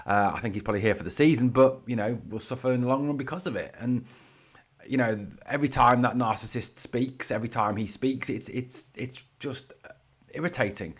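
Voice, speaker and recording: A man's voice: mid-range voice, fairly quick. A man hosting his own football fan channel, giving heated, blunt solo commentary scattered with "you know".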